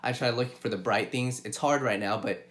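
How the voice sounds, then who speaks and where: A man's voice: medium pitch, a little fast, fairly bright tone. A young man hosting his own sports show, talking straight to viewers in an impassioned way and repeating points for emphasis. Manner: impassioned, repeats himself, addresses viewers directly. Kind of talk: solo sports commentary and opinion.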